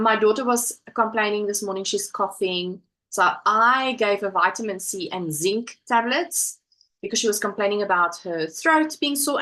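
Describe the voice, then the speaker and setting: A woman's voice: mid-range voice, a bit bright, rough recording. Chatty woman hosting a live stream. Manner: chatty, reads viewer comments aloud. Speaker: livestream host. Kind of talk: casual live-stream chat. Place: home crafting live-stream.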